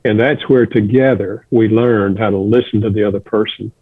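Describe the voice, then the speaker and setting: An older man, a guest counselor, telling a personal story in an earnest, gentle way. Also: lowish voice, fairly even intonation, moderate pace, no echo. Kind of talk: reflective storytelling. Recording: dry, phone-like line.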